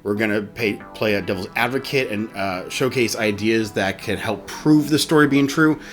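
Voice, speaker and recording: A man's voice: lowish voice, normal speed, fairly bright tone, soft background music. A man hosting a podcast, reading a story aloud in a casual way and stopping often to laugh. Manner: reads a story aloud, laughs often, tries put-on narrator voices. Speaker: podcast host.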